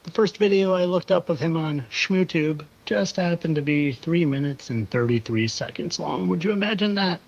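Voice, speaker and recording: Man, host, sarcastic insinuating delivery, higher voice, dull lo-fi audio. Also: normal speed, gravelly, hardly any pauses. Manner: sarcastic, insinuating, repeats phrases for effect. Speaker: conspiracy video host. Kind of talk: monologue over clips. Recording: dull lo-fi sound.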